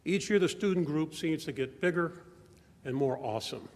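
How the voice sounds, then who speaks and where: Older male church member, higher-pitched voice, reflective testimony, long church reverb. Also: a little mellow. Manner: measured, reflective storytelling. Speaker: church member giving a stewardship talk. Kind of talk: personal testimony speech. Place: large church sanctuary.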